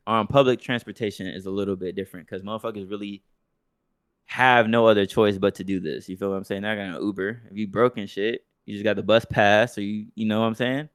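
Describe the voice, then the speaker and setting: Young man, low smooth voice, loose profane chat. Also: dry recording, clean studio sound. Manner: profane, loose storytelling with mocking impressions. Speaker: podcast co-host. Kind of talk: casual chat.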